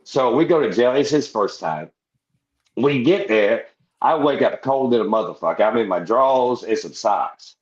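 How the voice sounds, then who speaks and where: Speaking at normal speed in an animated, medium-pitched voice, this man is a seasoned podcast guest. His long, rambling anecdote is rowdy and casual, loaded with curses and laughing asides. The audio has a roomy, slightly dull quality.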